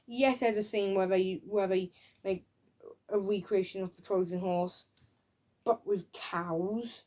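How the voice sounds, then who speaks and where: A woman giving a casual, excited review of a film, rambling through scenes with frequent restarts. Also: mid-range voice, slow pace. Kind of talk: casual home-video review.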